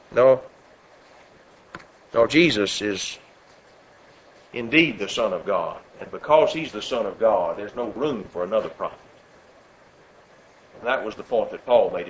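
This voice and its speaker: A man preaching a sermon, who gets loud and high when he quotes scripture and drops low and soft for his asides. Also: lively intonation, unhurried, long pauses, slight background noise, low-quality recording.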